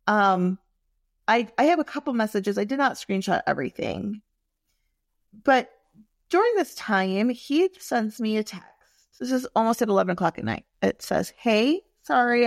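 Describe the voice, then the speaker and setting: Slow, gravelly-voiced woman telling stories. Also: medium pitch, no room sound, clean studio sound. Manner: frank, expressive, many fillers. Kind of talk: candid personal storytelling.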